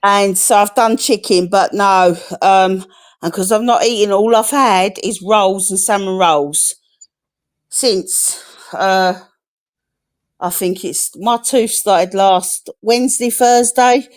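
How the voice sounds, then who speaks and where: Brief: middle-aged woman, casual live-stream chat, frank and chatty, swears freely, mid-pitched. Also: takes it slowly. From England.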